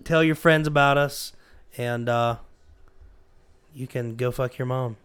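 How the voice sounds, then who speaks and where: A man's voice: mid-range voice, steady tone, a little slow, a bit bright, clean tone. A man co-hosting a podcast in casual chat, eager and teasing, often repeating himself. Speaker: podcast co-host.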